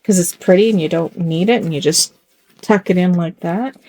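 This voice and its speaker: An older woman who hosts a doll channel chats casually as she fiddles with a doll's clothes, her lowish, dark voice moving at a moderate pace. She rambles and circles back on herself, often chuckling and teasing herself.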